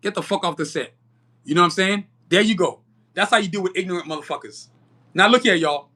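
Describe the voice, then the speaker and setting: Fiery podcast host, male, high-pitched and sharp, swears freely while preaching to his viewers. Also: quick pace. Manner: fiery, profane, preachy, addresses viewers as y'all. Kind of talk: live-stream commentary.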